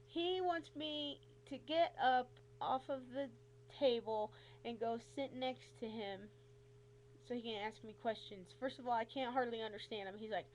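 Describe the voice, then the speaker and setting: High pitched woman ranting through a story in a vlog, lively and fed up, faint hum behind. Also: normal speed, rough recording. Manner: animated, exasperated retelling with frequent asides. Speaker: vlogger. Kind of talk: casual storytelling to camera.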